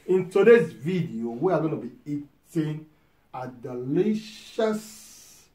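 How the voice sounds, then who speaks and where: A man with a Nigerian English accent hosting a food vlog, calling out cheerful sing-song greetings and rushing through a prayer. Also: a little high, sing-song, warm tone, echoey room. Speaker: vlog co-host. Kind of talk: mukbang vlog chat.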